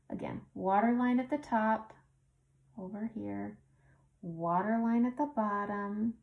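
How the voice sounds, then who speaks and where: A woman's voice: medium pitch, dark tone, dull audio. A woman hosting a makeup tutorial, chatting casually as she talks through each step she applies.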